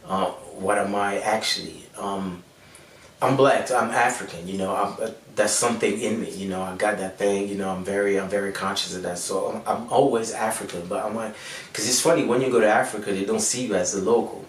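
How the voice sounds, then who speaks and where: A man's voice: on the low side, steady tone, fairly quick. A young man with an American-sounding accent, a rapper and producer answering interview questions in a laid-back way, with many fillers and restarts. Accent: American-sounding English. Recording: roomy echo, mic at a distance, faint background hum.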